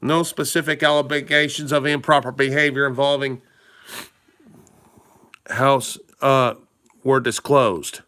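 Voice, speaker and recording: A man's voice: medium pitch, fairly even intonation, takes it slowly, long pauses, sharp tone. Emphatic man ranting to his viewers. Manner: emphatic, rambling, asks the audience rhetorical questions; addresses viewers directly and informally. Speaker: political commentary vlogger. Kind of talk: casual talking-head commentary.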